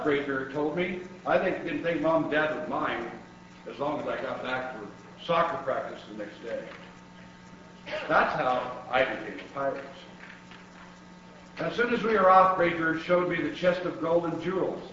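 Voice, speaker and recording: A man reads a children's picture book aloud in an animated way. His voice is high and bright. It is caught from a distance in a very echoey room, sounding dull. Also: normal speed, slight background noise. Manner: animated storytelling with shouted pirate lines. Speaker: guest reader.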